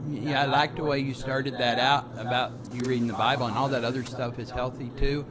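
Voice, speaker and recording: A man's voice: medium pitch, little pitch movement, fairly quick. Stammering, affectionate man over crowd noise. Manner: rambling, affectionate, stammers and laughs often. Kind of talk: heartfelt personal talk.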